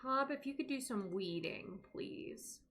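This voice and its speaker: Slow-talking woman streamer. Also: high-pitched, animated, a bit bright. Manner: chatty, talks to her game characters and chat. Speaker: live streamer. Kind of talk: casual gameplay commentary.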